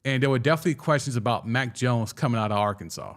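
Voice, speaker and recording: A young man hosting a casual sports talk show, excitedly giving his takes and answering viewer comments, often restarting and stumbling over his words. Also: medium pitch, quick pace. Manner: excitable, with frequent restarts and stammers. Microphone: studio microphone.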